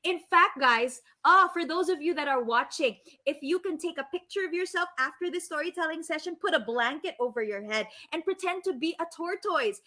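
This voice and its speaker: A Filipino woman reading a story aloud live for children, animated and gushing, often asking the kids questions. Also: sits high, a little fast, hardly any pauses. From Philippines.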